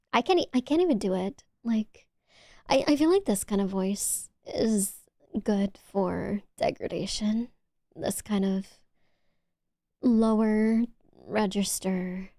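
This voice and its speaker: A young woman with a Valley Girl accent chatting on her stream, talking loosely with lots of "like"s and sometimes dropping to a soft whisper. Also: slow pace, pauses often, no room sound, studio quality. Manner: chatty, filler-heavy with many "like"s, dips into low whispers. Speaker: VTuber streamer. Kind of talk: casual chat stream.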